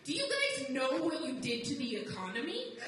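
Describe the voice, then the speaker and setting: A young woman from abroad performing live stand-up comedy, wry and conversational, jumping into high mocking voices when she quotes people. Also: wildly swooping pitch, moderate pace. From outside the United States. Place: live comedy venue with audience. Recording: roomy live recording from a distance, noisy.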